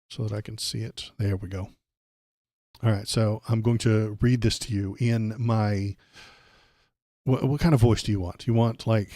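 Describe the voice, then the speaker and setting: A man's voice: on the low side, dark tone, no room sound, clean studio sound. A man hosting a political livestream, ranting bluntly and sarcastically.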